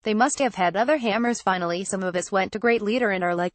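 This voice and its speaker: A woman's voice: mid-range voice, fast, few pauses, dry recording. A woman narrating an audiobook in an earnest, naive first-person storytelling manner.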